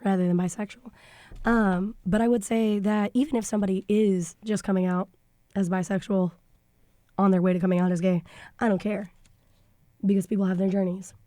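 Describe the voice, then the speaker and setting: A woman's voice: mid-range voice, fairly even intonation, fairly quick, dark tone, no room sound. A young woman, talking frankly and a bit snarkily on a podcast, thinking aloud with fillers. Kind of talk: casual podcast discussion. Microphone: studio microphone.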